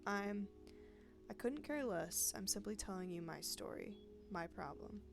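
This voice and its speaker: A bitter female sub-editor with a grudge, cold and pedantic as she lays out her accusation, as a woman reads her lines. The voice has a gravelly fry at its edges. Game music plays clearly underneath. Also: medium pitch, animated, measured pace.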